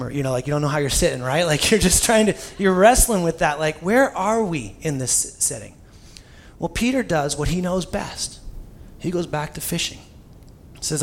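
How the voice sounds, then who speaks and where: A man's voice: a little high, fairly quick, a little hiss or hum. A young male pastor preaching a sermon in a casual, conversational storytelling style with informal asides.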